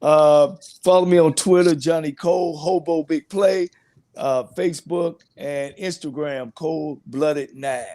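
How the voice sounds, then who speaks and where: A man, a football coach guest, calling in to a sports show, animated and playful. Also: fairly high pitch, a little slow. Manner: animated, playful, shouts for his team. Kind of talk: casual phone-in sports chat.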